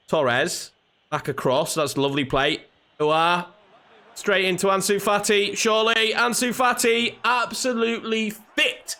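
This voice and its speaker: A young man casually commenting on his own football video game match, chatty and reacting loudly to the play. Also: a little high. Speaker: gaming YouTuber.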